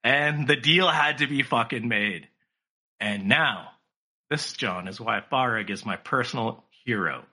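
A man's voice: medium pitch, a little slow, pushed and bright, breathy edge. A man chatting casually on a podcast, telling a story with lots of profanity and slipping into mocking voices for the people he quotes.

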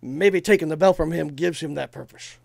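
A man's voice: fairly high pitch, moderate pace, vocal fry, no echo, studio quality. A man in his thirties co-hosting a casual chat, talking emphatically, swearing and telling stories with energy. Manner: emphatic, swearing, animated storytelling. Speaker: podcast co-host.

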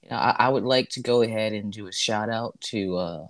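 A man's voice: lowish voice, moderate pace. Playful mock-formal male co-host. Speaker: podcast co-host. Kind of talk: casual comedic banter.

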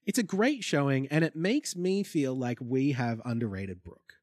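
A young man co-hosts a casual recap chat, wry and thinking aloud as he goes. His pitch moves a lot as he talks. The recording is dry and close. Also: lively intonation, moderate pace, a little mellow, dry recording. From Australia. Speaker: podcast co-host.

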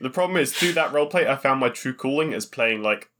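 A man with a middle-pitched, bright and forceful voice, speaking as a podcast regular. He tells wry, jokey anecdotes in a relaxed chat. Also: fast talker, slight background noise. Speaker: podcast regular and game master. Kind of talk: casual chat.

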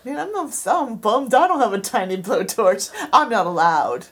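A woman co-hosting a radio show in casual chat, telling animated stories and laughing often. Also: on the high side, moderate pace, breathy edge.

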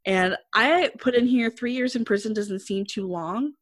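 A woman's voice: on the high side, moderate pace, no echo, studio quality. A woman casually recapping a drama episode, chatty and laughing often as she quotes the characters. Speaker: podcast co-host recapping a drama. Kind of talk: casual chat.

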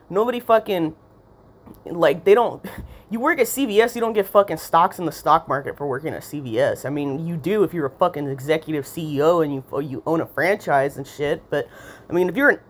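A woman's voice: on the low side, lively intonation, normal speed. A young woman ranting casually about a pharmacy visit, swearing constantly and rambling, with sarcastic asides and mocking impressions.

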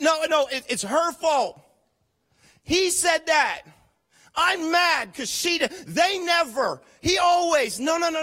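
Preaching with emphasis, a man with a high-pitched voice leads his sermon as pastor. He leans on repeated key phrases and call-and-response, dropping to hushed asides before rising to shouts.

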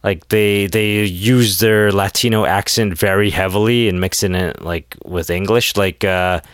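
A man with a low, fairly deep voice talks solo in a loose, rambling rant full of "like" and sarcastic asides. He sounds a little tired, as it is late at night. The sound is dry and close, with no room echo. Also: fairly even intonation, unhurried, clean tone. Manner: rambling and sarcastic, heavy use of "like". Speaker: podcast host.

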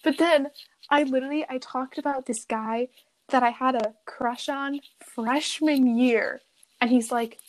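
A woman's voice: high voice, steady tone, measured pace. A teenage girl chatting with her friend in a slangy, laugh-filled way. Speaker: guest. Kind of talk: casual chat.

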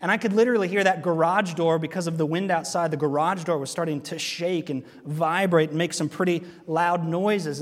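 High-voiced pastor in an echoing church. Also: male voice. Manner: earnest, asks the congregation rhetorical questions. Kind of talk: sermon. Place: church sanctuary.

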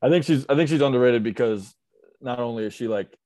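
A man's voice: mid-range voice, quick pace, warm tone, dry recording. A man co-hosting a podcast, easygoing and agreeable, joking about himself in casual chat. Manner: easygoing, agreeable, self-deprecating. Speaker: podcast co-host.

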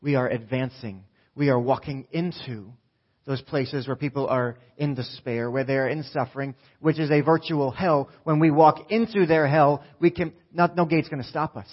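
A man's voice: fairly high pitch, lo-fi sound. A middle-aged man preaching a sermon as pastor, passionate and building through repeated phrases. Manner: impassioned, repetitive preaching builds.

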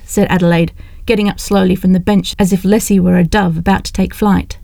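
A woman narrating an audiobook in a brisk, expressive way. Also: on the low side, gravelly, no room sound.

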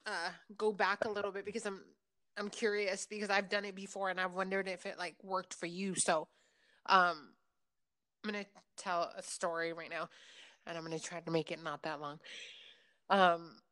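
A woman in her thirties chatting casually as a host. She tells a long personal story, full of fillers and quick asides, and acts out her own lines as she goes. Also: fairly low pitch. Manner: chatty, many fillers, lively retelling.

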